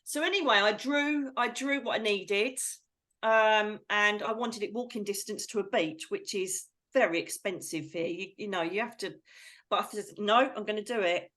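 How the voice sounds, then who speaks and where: A woman's voice: medium pitch, moderate pace, a bit bright. A middle-aged English woman, a psychic medium, telling a personal story in an interview and acting out her own quoted lines. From England.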